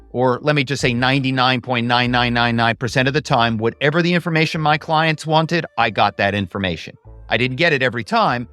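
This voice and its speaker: A man's voice: medium pitch, dry recording. A man, a former actor and author, telling stories as a podcast guest and acting out phone calls in different voices. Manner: animated, acts out phone calls. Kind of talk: casual storytelling interview.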